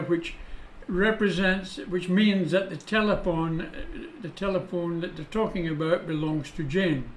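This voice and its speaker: Slow, high-voiced male teacher. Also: a little hiss or hum. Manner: patient and deliberate, pausing to spell out each rule. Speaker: English teacher. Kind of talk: explaining punctuation with read-out examples. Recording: echoey room.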